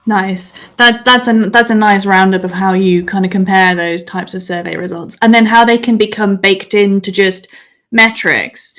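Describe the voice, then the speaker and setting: A woman moderating a webinar panel with an even, mid-pitched voice. She speaks in an affirming, conversational way and sometimes repeats words as she sets up her questions. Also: normal speed.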